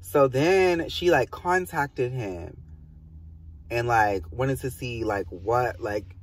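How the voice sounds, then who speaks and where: A young man casually telling a storytime on his vlog, animated and swearing a lot, with many "like" fillers. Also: medium pitch, slow pace, distant mic, a little hiss or hum. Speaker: vlogger.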